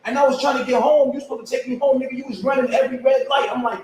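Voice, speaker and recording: Man, higher voice, loud, profane storyteller, far from the mic in an echoey room. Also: racing, few pauses, a little hiss or hum. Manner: profane, storytelling, laughing, animated quoting. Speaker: commentary host. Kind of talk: casual reaction talk.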